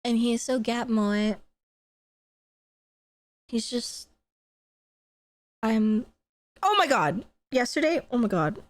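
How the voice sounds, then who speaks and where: A young woman streams and chats, excitable and gushing, often breaking into laughter and swearing casually. Her voice sits high and swings widely in pitch. The sound is dry and close. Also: slow pace, pauses often, no room sound. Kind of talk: casual live-stream chat.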